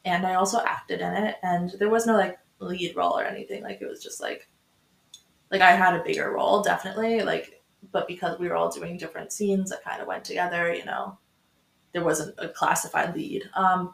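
A woman's voice: on the low side, steady tone, a little fast, creaky. A young woman hosting a podcast, chatting casually in a bubbly, giggly way with plenty of fillers. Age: young adult. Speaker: podcast host. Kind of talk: casual chat. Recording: roomy echo.

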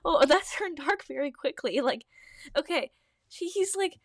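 A woman reads her old fanfiction aloud as host, breaking in often with giggly, self-mocking asides. Her voice sits fairly high. The sound is dry and close, with no room echo. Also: lively intonation, unhurried. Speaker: podcast host. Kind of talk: reading own old fanfiction with commentary.

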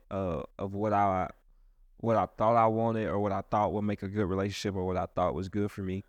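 A man's voice: on the low side, no room sound. A man, a pastor hosting a casual chat, who talks in a rambling way with many restarts. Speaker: pastor and host.

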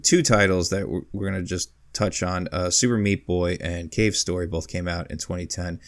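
Gravelly low-voiced man in casual podcast chat. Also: steady tone, moderate pace, no echo, studio quality. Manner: rambling, reels off long lists, chuckles mid-sentence. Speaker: podcast co-host. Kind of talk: casual podcast chat about video games.

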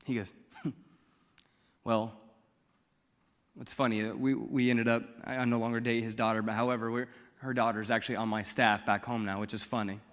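A young man from Missouri, a pastor, giving a sermon with his testimony, moving from quiet storytelling to loud, fervent preaching. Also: mid-range voice, little pitch movement, moderate pace, long pauses, in a large hall. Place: church sanctuary.

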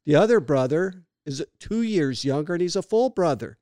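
A middle-aged man co-hosting a podcast, telling stories in a lively way and laughing often. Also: a little high, moderate pace, no echo, clean studio sound. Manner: animated storyteller who laughs often. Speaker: podcast co-host. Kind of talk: casual chat.

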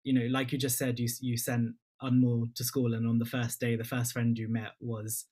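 Interviewer: man, mid-pitched, winding questions full of fillers. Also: completely flat delivery, normal speed, a little mellow.

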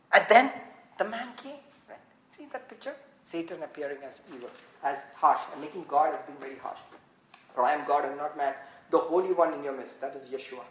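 A Bible teacher leading an informal study, animated and often laughing at their own points, checking in with listeners. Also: mid-range voice, a little hiss or hum. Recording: echoey room.

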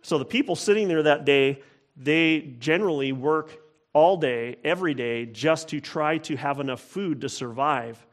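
Earnest man preaching, slightly high voice. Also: normal speed. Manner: earnest, emphatic preaching with repetition. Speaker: pastor. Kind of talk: sermon.

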